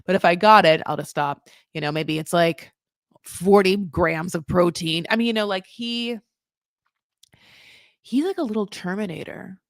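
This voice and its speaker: A woman hosting a casual recap podcast, animated and sarcastic, swinging between loud outbursts and muttered asides. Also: fairly low pitch, normal speed, no echo, clean studio sound. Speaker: podcast host.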